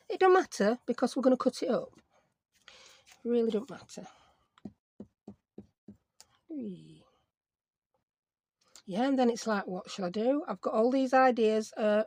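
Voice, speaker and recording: A talkative middle-aged woman with a broad Yorkshire accent rambles on while she crafts. Her voice sits at an ordinary middle pitch, and her chatter is loose and self-mocking, full of asides to the viewer. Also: dry recording. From Yorkshire, England. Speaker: crafting channel host. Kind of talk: casual chatty crafting vlog.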